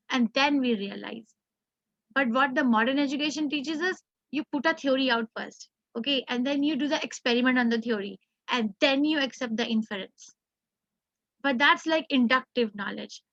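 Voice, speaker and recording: A woman's voice: fairly high pitch, fairly bright tone, no room sound. A woman with an Indian English accent teaching a scripture class, explaining earnestly and reciting Sanskrit verses. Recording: dull lo-fi class recording.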